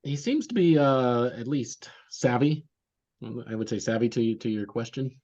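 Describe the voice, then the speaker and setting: A man playing in an online tabletop game, speaking slowly and hesitantly. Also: medium pitch, animated, a little mellow, highs cut off. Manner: slow, hesitant. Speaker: player. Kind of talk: online tabletop role-play.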